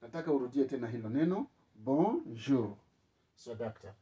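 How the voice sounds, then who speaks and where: A man teaching a spoken language lesson, repeating words slowly for learners to echo back. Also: mid-range voice, big pitch swings, mellow, distant mic. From East Africa.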